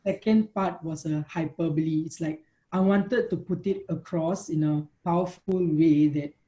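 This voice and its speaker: A man's voice: on the high side, steady tone, normal speed, dark tone, low-quality recording. A young man in his twenties with a Singaporean English accent, a guest in a casual chat, explaining his views earnestly. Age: 20s. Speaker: guest, medical student.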